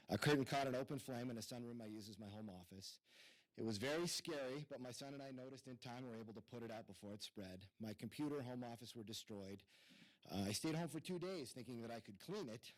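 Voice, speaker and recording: A man giving a plainspoken, wry public comment at a city council meeting. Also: mid-range voice.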